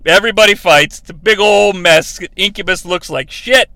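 A man's voice: sits high, normal speed, no echo. A man hosting a podcast, giving a sarcastic, profane, comedic recap of a movie. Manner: sarcastic, profane, animated retelling. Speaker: podcast host.

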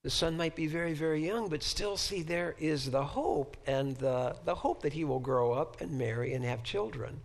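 A man professor giving a Bible lecture to a class, halting and repeating words as he searches for phrasing and asking rhetorical questions. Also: fairly high pitch.

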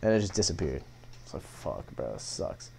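A man's voice: low-pitched, very animated, a little fast, creaky, mellow, husky. A young man in his twenties telling stories in a casual chat, rambling, slangy and full of profanity. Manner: rambling, slangy, heavy profanity, fillers of "bro" and "like".

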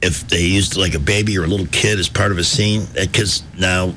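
Man, radio talk host, wry and joking, low voice, bright tone, faint hiss. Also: steady tone, fairly quick.

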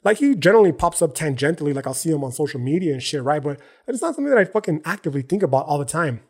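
A man's voice: on the high side, sing-song, racing, slightly rough. Slangy, profane podcast man. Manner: frequent "right?" and "okay?" tags. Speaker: podcast host. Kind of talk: casual solo podcast monologue.

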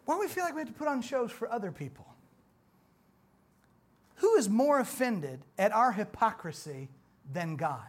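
A man, preaching a sermon in church in a folksy, conversational way that swells louder on emphatic points. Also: extremely high pitch, sing-song, normal speed, long pauses. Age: 40s. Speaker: pastor.

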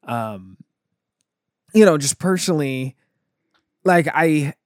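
A man's voice: a little high, takes it slowly, dry recording, clean studio sound. A man in casual chat, telling stories animatedly and acting out the quotes. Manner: animated storyteller, acts out quotes.

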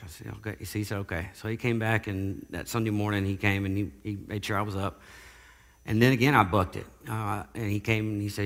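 A man giving a casual spoken testimony, halting and often repeating words as he goes. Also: lowish voice, level tone, in a large hall. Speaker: guest sharing recovery testimony.

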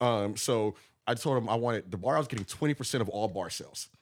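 A man from Texas talks quickly in a husky, slightly rough voice. He is a guest on a casual talk show, telling stories and acting out quoted lines with animated energy. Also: on the low side. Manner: animated, acts out quotes with laughter. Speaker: guest promoter. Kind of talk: casual storytelling.

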